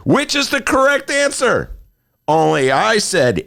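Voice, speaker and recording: A man's voice: a little high, big pitch swings, a little slow, creaky, fairly bright tone, no room sound. A man hosting a talk show in a studio, joking and self-mocking in a playful monologue. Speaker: host.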